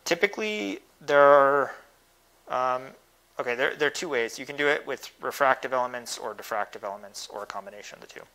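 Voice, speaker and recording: A man's voice: medium pitch, brisk, sharp tone, poor audio. A man giving thoughtful, technical answers in an academic Q&A, with many small hesitations. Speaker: guest speaker answering questions.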